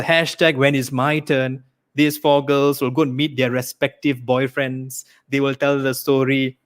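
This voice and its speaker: A young man from Malaysia performing a livestreamed stand-up set, acting out characters. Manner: animated, acts out characters with big pitch swings. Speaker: stand-up comedian.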